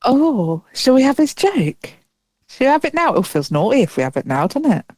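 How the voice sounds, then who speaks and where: A woman co-hosting a podcast in casual chat, animated and swearing freely. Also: high voice, moderate pace, dry recording. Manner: chatty, animated, swears freely and laughs often. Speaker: podcast co-host.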